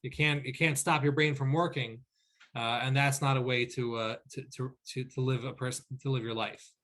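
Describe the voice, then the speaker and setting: A man, a rabbi, teaching a weekly class over a video call. He explains verses patiently, checks in with "okay?" and reads lines slowly before translating them. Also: medium pitch, steady tone, a bit bright.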